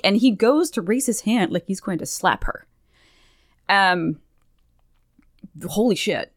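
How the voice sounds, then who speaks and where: A woman co-hosting a podcast, casually recapping a game story in an animated way, acting out the characters' lines with laughter and swearing. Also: mid-range voice, moderate pace, pauses often, no echo, studio quality. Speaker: podcast co-host.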